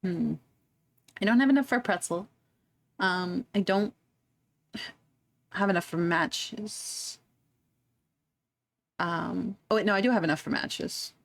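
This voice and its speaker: A woman's voice: fairly low pitch, slow pace, creaky, pauses often. A woman streamer chatting casually and giggling as she plays a game, reading its text aloud. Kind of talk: casual gameplay commentary.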